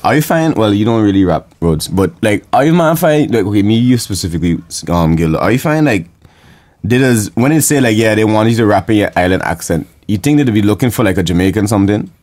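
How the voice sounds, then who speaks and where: A man's voice: on the low side, expressive, a little fast, a little mellow. A man co-hosting a casual podcast chat, stumbling and restarting his questions. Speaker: podcast co-host.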